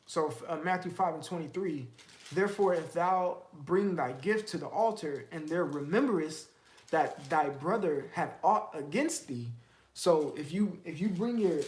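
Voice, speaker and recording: A man's voice: on the high side, darkish tone, reverberant. A man teaching the Bible in a casual, streetwise way, firing off emphatic rhetorical questions.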